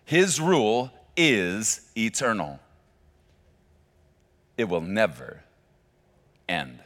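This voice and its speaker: A man's voice: fairly low pitch, wildly swooping pitch, drawn-out words, a bit bright. A male pastor preaching a sermon with emphatic delivery and joking asides.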